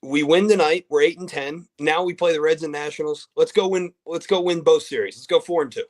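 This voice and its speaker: A man's voice: on the high side, fairly quick. A man calling in to a fan show, upbeat and joking. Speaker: caller. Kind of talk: casual call-in chat.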